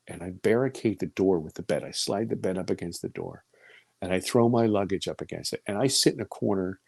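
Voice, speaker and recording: An animated man in his fifties recounts his story as an interview guest, his voice swinging widely and leaping up for quoted lines. He sinks low and quiet at the frightening parts. The recording is close and dry, with no room sound. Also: no room sound. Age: 50s. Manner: animated, voice rising high for quoted speech and dropping low and quiet for fear.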